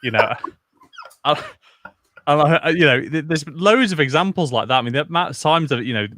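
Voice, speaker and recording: A chatty man speaks in a casual co-host role, leaning on frequent fillers. His voice is bright and forward, and the sound is dry and close to the mic. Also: medium pitch, no room sound. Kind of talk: casual chat.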